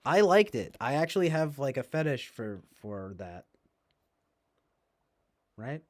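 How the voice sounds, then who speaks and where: A man's voice: medium pitch, big pitch swings, unhurried, darkish tone. A man rambling to his viewers in casual chat, sarcastic, swearing and laughing often. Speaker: streamer.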